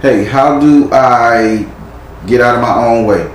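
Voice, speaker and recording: A man's voice: mid-range voice, takes it slowly. A man giving a live tarot reading, blunt and chiding with casual slang. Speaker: tarot reader. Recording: echoey room with faint noise.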